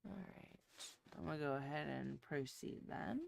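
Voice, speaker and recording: A woman co-hosting a lifting show, reading viewer comments aloud in a slow, halting way with many ums, and suffering from hiccups. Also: low voice, vocal fry, dry recording. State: has hiccups. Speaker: co-host reading viewer chat. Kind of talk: casual chat, reading comments.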